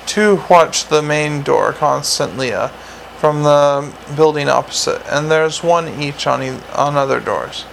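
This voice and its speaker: A man's voice: fairly high pitch, a little slow, creaky, a bit bright, slight background noise, low-quality recording. A man playing a proud, formal male museum curator who answers precisely.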